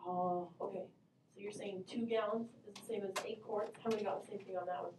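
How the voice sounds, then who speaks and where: A woman's voice: medium pitch, fairly even intonation, a little fast. A woman math teacher leading a classroom lesson, upbeat, quizzing the class and calling on students, recorded from across the room. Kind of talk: classroom instruction. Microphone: distant camera mic. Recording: roomy classroom, voice from far off, faint hum.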